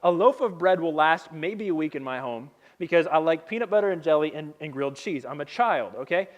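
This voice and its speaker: A man's voice: fairly high pitch, animated, fairly quick, highs cut off. A male pastor giving a sermon, telling stories in a casual, humorous way with slang.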